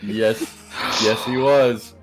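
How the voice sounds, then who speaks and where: A man's voice: mid-range voice, steady tone, very slow, loud music behind the voice. A man playing a character in an online tabletop game, joking and breaking into laughter. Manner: joking, bursts into loud laughter. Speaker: player. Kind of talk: casual tabletop play.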